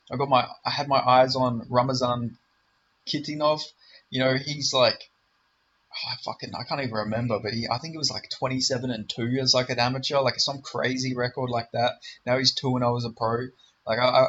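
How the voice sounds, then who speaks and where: Bright-voiced young man rambling about fights. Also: medium pitch, dull audio, slight background noise. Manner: rambling, filler-heavy, self-correcting; confident, enthusiastic. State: voice briefly giving out. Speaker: MMA predictions YouTuber. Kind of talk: casual solo commentary.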